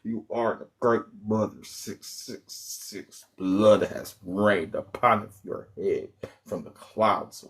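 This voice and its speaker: A man voicing a solemn male mystic oracle who intones spiritual name readings in a deep, breathy, drawn-out way. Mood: ominous. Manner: grave, portentous pronouncements.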